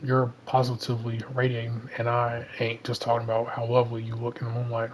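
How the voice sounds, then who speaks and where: A man with a Southern American accent reading the lines of a smooth-talking Cajun thief in a casual comic read-through. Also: mid-range voice, monotone, fast talker, a little hiss or hum, close to an everyday voice, poor audio. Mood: charming. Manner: reads lines plainly in his own voice.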